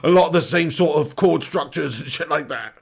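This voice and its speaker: A man hosting a live football watch-along, chatting casually, reading out viewer comments and breaking into excited play-by-play. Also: a little high, brisk, vocal fry, breathy edge.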